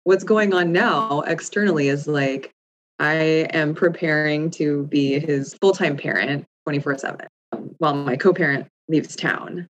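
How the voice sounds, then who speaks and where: Low-voiced woman chatting candidly. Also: unhurried, a little hiss or hum, rough recording. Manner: candid and reflective, with frequent "like" fillers. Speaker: podcast co-host. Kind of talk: casual chat.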